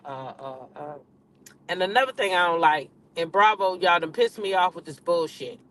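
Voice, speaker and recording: Profane, blunt woman ranting from her car. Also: mid-range voice. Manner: blunt, profane, animated, talks back to chat. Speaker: reality TV commentator. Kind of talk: casual rant to viewers. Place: in a car at a drive-through.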